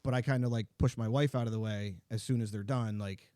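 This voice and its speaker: A man's voice: fairly low pitch, fairly even intonation, brisk, mellow, dry recording. A middle-aged man hosting a podcast in casual chat. He tells stories loosely, with lots of "like"s and fillers. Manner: chatty, filler-heavy storytelling with many "like"s. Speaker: podcast host.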